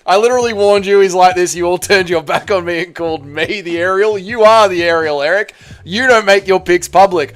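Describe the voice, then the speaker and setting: A man hosting a live stream, bantering with his chat and calling out vote counts in an excitable, teasing way. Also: high-pitched, brisk.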